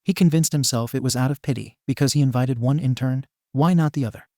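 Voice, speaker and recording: A man reading a fan fiction story aloud in a plain, steady way. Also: mid-range voice, fast, no echo, studio quality. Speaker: narrator.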